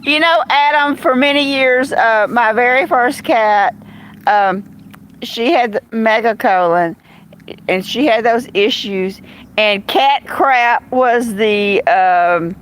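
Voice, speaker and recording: Slow, chatty woman with a higher voice. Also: slight background noise, poor audio. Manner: chatty, rambling, blunt. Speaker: live-stream host reading chat. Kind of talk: casual live-stream chat.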